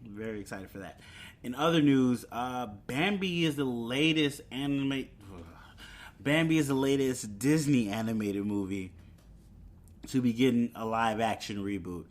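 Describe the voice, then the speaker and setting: A man's voice: medium pitch, unhurried. A young man hosting a solo podcast, chatting casually about movie news with fillers and chuckles. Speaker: podcast host.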